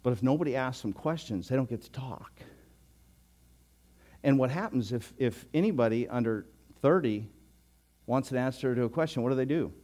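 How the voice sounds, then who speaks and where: An older pastor preaches a sermon at normal speed in a mid-range voice, telling stories with chuckles. He grows animated and loud in anecdotes and often repeats words and restarts.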